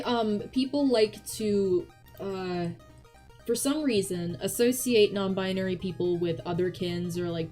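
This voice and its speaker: Blunt, swearing woman, mellow voice. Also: mid-range voice. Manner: blunt, profane, rambling with restarts. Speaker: vtuber co-host. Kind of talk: casual chat. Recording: faint background music.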